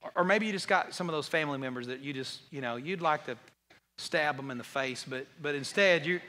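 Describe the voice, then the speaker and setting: A man preaching a conversational, joking sermon, full of restarts and repeated words, and going low and quiet when he quotes Jesus. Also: fairly quick. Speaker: pastor. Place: large church hall. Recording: long hall reverb.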